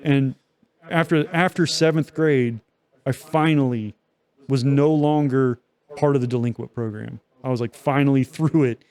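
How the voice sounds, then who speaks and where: A man's voice: medium pitch, steady tone, moderate pace, darkish tone. A young man co-hosting a podcast, telling a long story in loose, profane casual chat with many fillers. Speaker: podcast co-host.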